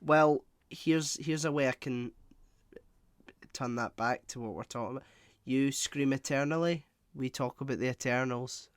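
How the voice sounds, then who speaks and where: A man's voice: medium pitch, moderate pace, dry recording. Dry, teasing man. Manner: teasing, dry, brings up news topics. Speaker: podcast co-host. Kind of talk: casual podcast banter.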